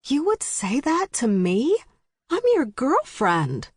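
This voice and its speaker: Woman doing petulant young sister, high whiny voice, dry close sound. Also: sing-song, unhurried, a little mellow, no echo, exaggerated voice. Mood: indignant. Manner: whiny, indignant, high-pitched.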